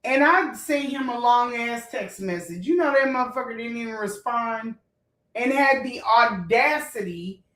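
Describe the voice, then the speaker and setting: A fired-up woman with a fairly high voice and rants to her viewers. She is blunt and profane, and her emotional telling rings in an echoey room. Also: animated, a little slow, a bit bright, far from the mic. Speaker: vlogger. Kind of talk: heated storytime rant.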